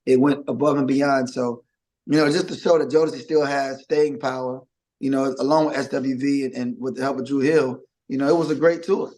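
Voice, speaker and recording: A man's voice: medium pitch, brisk, low-quality recording. A middle-aged man, a musician being interviewed, telling stories in casual chat and acting out quotes. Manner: animated storyteller, acts out quotes. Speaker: musician guest.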